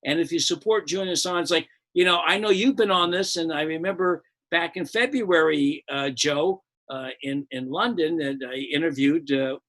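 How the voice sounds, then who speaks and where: A man's voice: fairly high pitch, normal speed, hardly any pauses, a bit bright. An older American man, a comedian hosting a live show, ranting about politics in a profane, rambling, heated way with many restarts.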